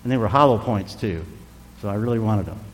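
A man in his sixties preaching a sermon, telling a personal story with animated delivery that drops to a hush at tender moments. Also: on the low side, a little fast, in a large hall, slight background noise. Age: 60s. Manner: animated, drops to hushed tones for emotional moments.

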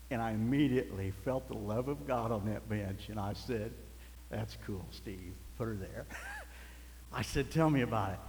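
A man's voice: medium pitch, slight background noise. A man preaching a sermon, telling folksy stories and chuckling as he goes. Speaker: pastor. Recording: echoey hall.

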